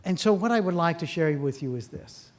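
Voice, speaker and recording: A man with a higher-pitched voice and brisk delivery, a therapist by profession, speaks publicly to a live crowd. Stories and rhetorical questions fill his talk, and he voices the dialogue in a lively way.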